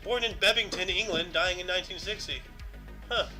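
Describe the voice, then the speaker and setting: A man's voice: high voice, brisk, music in the background, rough recording. A man co-hosting a casual show, reading out history entries in a chatty way and wondering aloud. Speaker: podcast co-host.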